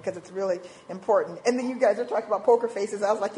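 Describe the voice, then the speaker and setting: A woman in her forties giving an informal church talk on parenting, animated and acting out little quoted voices. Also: mid-range voice, racing, few pauses, slight background noise, rough recording. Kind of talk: informal sermon talk with slides.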